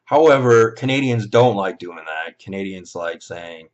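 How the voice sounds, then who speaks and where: A vlogger with a fairly low voice goes on a heated, profanity-laced opinion rant at a measured pace with hardly any pauses. He veers from muttered asides to sudden loud outbursts, mimicking the people he scorns in mocking voices, and the audio sounds dull and lo-fi.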